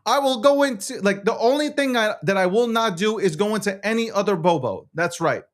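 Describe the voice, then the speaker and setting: A high-voiced, animated man hosts a talk show at a brisk clip, reading social media posts aloud and firing back at them in a profane, combative, heated rant.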